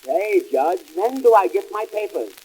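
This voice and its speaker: A man performs a wisecracking comic businessman straight out of a 1920s vaudeville record. The voice sits high and husky, and every line lands as a dry punchline delivered in quick patter. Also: poor audio. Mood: wry. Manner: punchline-driven deadpan patter.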